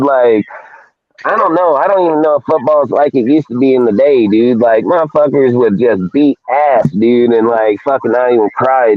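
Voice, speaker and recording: A man's voice: mid-range voice, no room sound. A man hosting a casual sports talk show, ranting heatedly with a lot of swearing. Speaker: podcast host. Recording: dry tinny phone-like audio.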